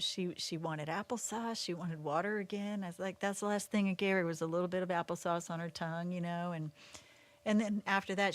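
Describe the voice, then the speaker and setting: A woman co-hosting a livestream, telling a personal story in casual chat and laughing often as she talks. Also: fairly low pitch. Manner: animated, laughs through the story. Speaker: livestream co-host.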